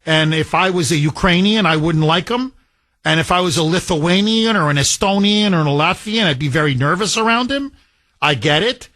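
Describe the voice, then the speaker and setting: A man's voice: high voice, expressive, moderate pace, fairly bright tone. A man hosting a talk radio show, delivering a combative, sarcastic monologue full of rhetorical questions.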